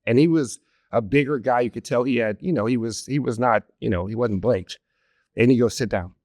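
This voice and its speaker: A man in a casual podcast interview, telling a personal story in an earnest, emotional, halting way. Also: medium pitch, a little mellow, no echo, clean studio sound. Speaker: podcast guest, hospitality executive. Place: podcast studio.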